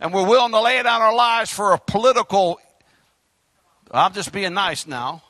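A male pastor preaching an impassioned sermon, breaking into shouts. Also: high-pitched, moderate pace, no echo. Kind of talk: fiery sermon.

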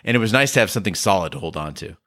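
A man co-hosting a casual podcast, his low voice bright and forceful. He talks in quick, emphatic runs, and the sound is close and dry with no room in it. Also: animated, no room sound. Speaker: podcast co-host.

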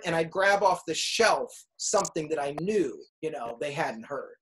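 A middle-aged man, a music teacher, giving casual advice to students in an animated, storytelling way, often acting out what kids say. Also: on the high side, normal speed, hardly any pauses, rough recording.

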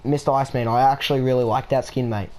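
A man's voice: medium pitch, fairly even intonation, quick pace, dark tone, slight background noise. A man chatting playfully in voice chat while gaming, putting on a broad Australian voice full of slang. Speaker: gamer trolling in voice chat.

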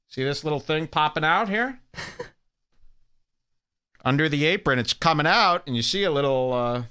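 A man's voice: a little high, normal speed, pauses often, clean tone. A man hosting a podcast, riffing crudely and mockingly on clips he plays. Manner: crude, mocking, lively banter. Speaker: podcast host. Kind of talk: riffing commentary on played clips.

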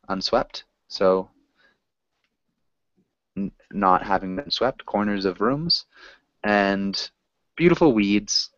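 A man's voice: fairly low pitch, dry recording. A man teaching a reading class, explaining a story in a casual, hesitant way with many fillers. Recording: dull lo-fi recording.

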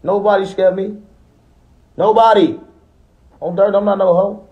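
Trash-talking young man, higher voice. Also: little pitch movement, fast, mellow, muffled recording. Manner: boastful, trash-talking, threatening. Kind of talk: taunting rant to viewers.

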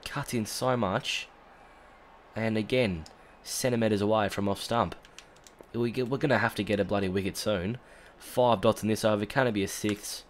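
An Australian gaming YouTuber gives casual let's-play commentary at normal speed, his slightly low voice thick and congested from a cold. He rambles chattily with lots of fillers and bursts into loud, excited shouts at big moments, with a faint hiss in the background.

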